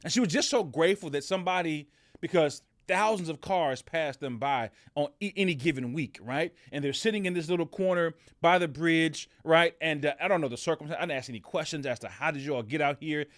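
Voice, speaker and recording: Middle-aged guy rambling through a podcast story, lots of ums, kinda high voice, dry close sound. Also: a little fast, a bit bright, dry recording. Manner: conversational, storytelling, many fillers and restarts. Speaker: podcast host. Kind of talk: casual motivational podcast talk.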